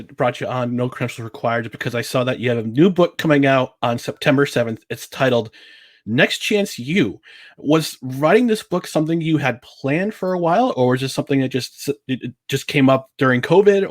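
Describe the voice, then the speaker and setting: A man's voice: mid-range voice, lively intonation, normal speed. A man hosting a podcast, asking long rambling questions with frequent restarts. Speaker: podcast host. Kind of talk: conversational interview.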